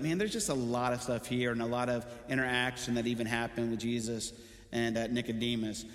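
A man preaching a sermon as pastor, in a conversational, animated way with casual asides. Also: fairly high pitch, roomy sound, long reverb tail.

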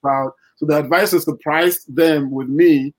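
A man's voice: on the high side, steady tone, moderate pace, poor audio. Rambling young man, filler-heavy chat. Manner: rambling, many fillers and restarts. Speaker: guest poet. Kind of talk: casual interview talk.

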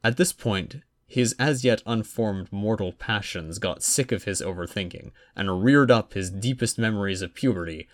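Man, audiobook narrator, wry, even, lowish pitch. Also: moderate pace, few pauses. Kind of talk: fan fiction audiobook narration.

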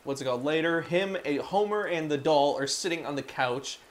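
A man casually recapping a cartoon episode on a podcast, profane and animated, slipping into voices. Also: a little high, a little fast. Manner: profane, animated retelling with put-on quotes. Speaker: podcast co-host.

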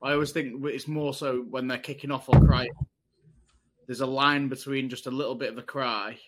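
A man's voice: medium pitch, flat delivery, a little fast, background noise. A young man co-hosting a podcast who teases his friend and laughs often in casual chat. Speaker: podcast co-host.

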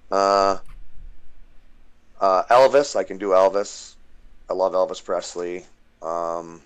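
Slow-talking low-voiced man. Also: fairly even intonation, clean tone. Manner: jokey, laughs often, trails off. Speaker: guest voice impressionist. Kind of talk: casual stream chat.

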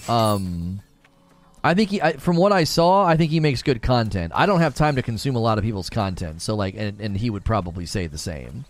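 A man's voice: lowish voice, very animated, brisk, no room sound. A man streaming a game, chatting casually with his viewers, self-mocking and restarting often. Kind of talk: casual livestream chat while playing.

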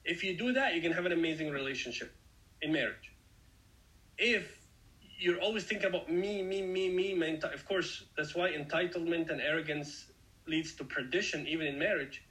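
A man's voice: a little high, normal speed, sharp tone, poor audio. A man giving a conversational Bible study sermon, explaining the passage earnestly and speaking straight to his listeners. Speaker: Bible teacher.

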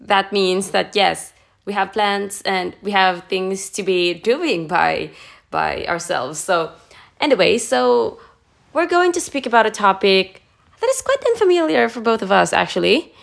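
A woman's voice: medium pitch, very animated, a little slow, gravelly. A woman co-hosting a podcast, chatting casually and hesitantly, with many fillers. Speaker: podcast co-host. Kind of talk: casual chat.

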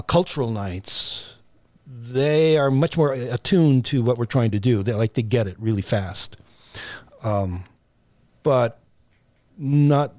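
With a mid-range, darkish voice and no echo, an older man appears as a playwright guest on an interview show. He reflects on the past through stories in a conversational interview, often using fillers and starting over.

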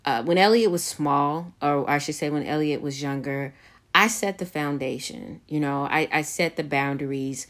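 A middle-aged woman with a low voice hosts a casual podcast. She talks in a measured, reflective way, often restarting her sentences with fillers. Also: a bit bright. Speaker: podcast host.

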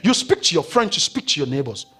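A male pastor preaching a sermon in a church, swinging from loud declarations to hushed, whispered words. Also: on the high side, very animated, quick pace, breathy edge. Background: faint keyboard music.

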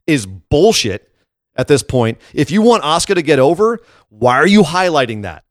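A man co-hosting a casual podcast who rants with sarcasm and animated frustration. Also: fairly high pitch, normal speed, dry recording, clean studio sound. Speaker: podcast co-host. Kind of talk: casual wrestling commentary chat.

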